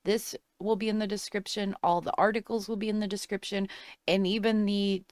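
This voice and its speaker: A woman's voice: mid-range voice, level tone, a little fast, darkish tone, dry recording, studio quality. A woman hosting political commentary, talking casually and repeating herself as she rambles.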